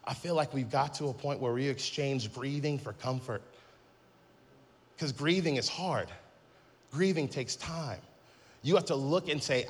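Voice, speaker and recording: A man's voice: a little high, normal speed, breathy edge. A man in his thirties preaching a sermon, telling a funny story and acting out the quotes. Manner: lively storytelling with acted-out quotes and humor. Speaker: pastor.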